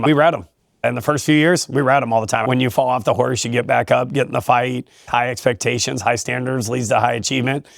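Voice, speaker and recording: A man who coaches high school wrestling, talking in a relaxed interview in an emphatic, motivational way and laughing often. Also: gravelly, no room sound, clean studio sound. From California. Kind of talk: casual interview talk.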